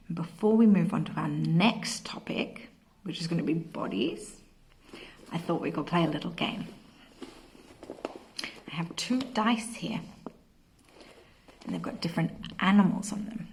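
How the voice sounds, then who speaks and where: A woman's voice: on the low side, normal speed, pauses often, a little hiss or hum. A woman teacher leading a playful animal-sounds lesson for children, imitating animal noises. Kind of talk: playful classroom video lesson.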